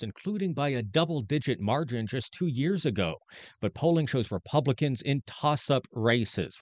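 Man, correspondent, middle pitch, dull lo-fi sound, dry. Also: dry recording. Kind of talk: news report.

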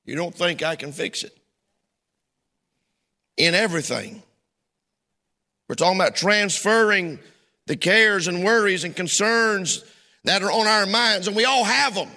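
A male pastor preaching a sermon, swinging his voice widely and breaking into sudden shouts. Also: sits high. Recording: long hall reverb.

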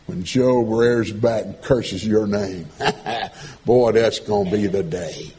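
A gloating devil, put on by a preacher. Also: male voice, fairly low pitch, slow pace, mellow, slight background noise, voice pushed down. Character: gloating male devil, cruel.

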